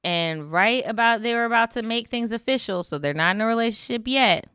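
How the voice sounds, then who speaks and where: Bright, animated woman streamer. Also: a little high, brisk, clear, resonant tone, no room sound, studio quality. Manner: animated, slangy, sarcastic reactions. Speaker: streamer reading viewer stories. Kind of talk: casual storytime commentary.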